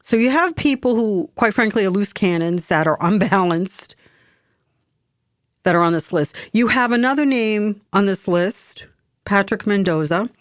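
A woman's voice: mid-range voice, animated, a little slow, no echo, clean studio sound. A woman giving an emphatic, exasperated political commentary monologue, often restarting her sentences.

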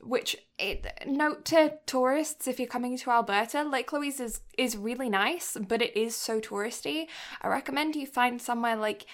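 A woman's voice: fairly high pitch, moderate pace. A young woman from Canada hosting a casual anime podcast, cheerful and chatty. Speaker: podcast host. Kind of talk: casual chat.

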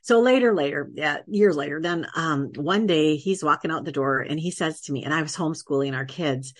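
A middle-aged woman, a podcast guest, telling a lively faith-based story from her own life and laughing often as she acts out the voices of the people in it. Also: low-pitched, a little fast, dry recording, studio quality. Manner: faith-based, earnest testimony. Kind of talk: conversational storytelling.

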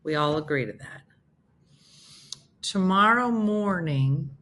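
A woman's voice: on the low side, expressive, slow pace, fairly bright tone. A woman from New Jersey hosting a casual morning chat show, rambling cheerfully and laughing easily. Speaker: show host.

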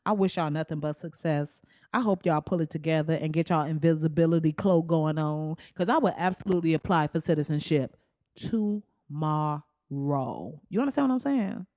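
A woman hosts a comedy podcast alone, speaking. She is blunt and profane and keeps jumping into high, animated exclamations. Her voice is dry and close to the mic, with no room sound. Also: normal speed, no room sound. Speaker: podcast host.

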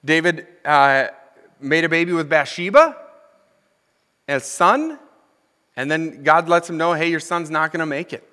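A young man gives a sermon as associate minister, moving between scripture reading and chatty, humorous asides to the congregation. His voice sits somewhat high for a man. It rings out with a long reverb, as from a church sanctuary. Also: measured pace, pauses often, pushed and bright. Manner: conversational, asks the congregation questions; reads scripture then comments with humor.

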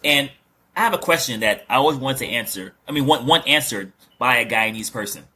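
A man's voice: mid-range voice, expressive, brisk, pushed and bright, breathy edge. A man interviewing a guest in a casual, joking chat, asking curious questions.

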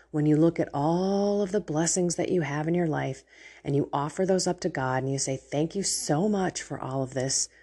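A woman hosts casual faith talk in a low, husky voice, speaking slowly. She tells stories in an animated way and laughs often.

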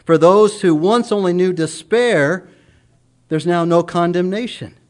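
A man's voice: high-pitched, unhurried. A middle-aged man preaching a sermon in an earnest, emphatic way, his voice rising and falling strongly.

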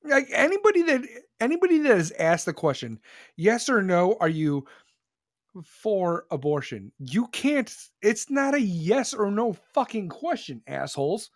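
Heated host, swears and repeats for emphasis; animated delivery, dry room. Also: male voice, sits high, measured pace, no room sound. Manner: profane, emphatic, repeats himself. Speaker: podcast host. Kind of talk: heated political rant.

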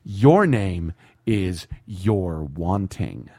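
A man's voice: low voice, big pitch swings, drawn-out words, warm tone, a little hiss or hum, pitched below the performer's own voice, full character voice. A man doing an impression of a brash, profane star salesman from a film, barking insults. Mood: aggressive.

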